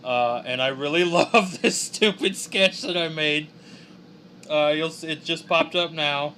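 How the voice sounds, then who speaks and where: A man's voice: a little high, measured pace, sharp tone, a little hiss or hum. A young man chatting casually on a drawing livestream, joking and reading chat aloud. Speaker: streaming artist.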